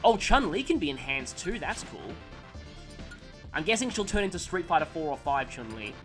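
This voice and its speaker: Playing a video game to game music, a gaming channel host tells a rambling childhood story at his own expense, interrupting himself to react to the action. His voice is a little high and a bit bright, very animated, at a moderate pace.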